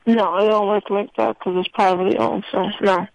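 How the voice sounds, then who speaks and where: A woman's voice: medium pitch, steady tone, brisk, creaky, a little mellow, no room sound, low-quality recording. Blunt woman guest giving short answers. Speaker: radio guest telling her workplace harassment story. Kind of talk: casual talk.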